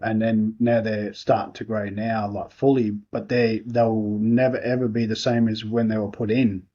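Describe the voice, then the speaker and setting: Softly spoken Australian man, slightly dull sound. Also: fairly low pitch, little pitch movement, normal speed. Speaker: podcast guest. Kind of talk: casual interview chat.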